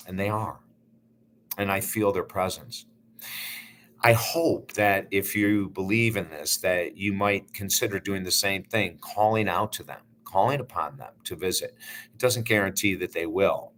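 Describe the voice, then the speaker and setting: Host: man, earnest heartfelt storyteller, low-ish voice, faint hiss behind. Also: a little slow, a bit bright. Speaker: life coach and channel host. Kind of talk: personal storytelling to camera.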